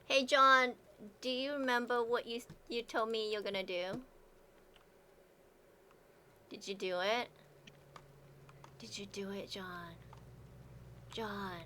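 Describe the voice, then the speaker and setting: A woman putting on a soft, sultry sexy voice in a whispered role-play for her teammate. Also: on the high side, sing-song, normal speed, pauses often, a little hiss or hum. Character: breathy teasing woman doing a sexy voice.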